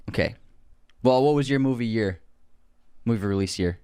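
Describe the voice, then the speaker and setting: A man's voice: mid-range voice, a little mellow, clean tone, dry recording, clean studio sound. A man co-hosting a podcast in casual chat, earnest and thinking aloud with frequent restarts. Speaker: podcast co-host.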